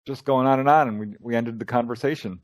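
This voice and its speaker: Speaking fast in a medium-pitched voice, a man interviewed as a UFO researcher and lecturer spins casual, animated anecdotes. He voices the quoted exchanges as though acting them.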